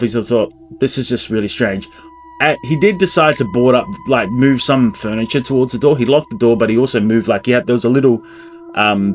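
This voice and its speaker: A man telling a spooky myth in a casual, rambling way, with asides and restarts. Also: mid-range voice. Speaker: storyteller, channel host. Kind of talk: casual spoken storytelling of a myth.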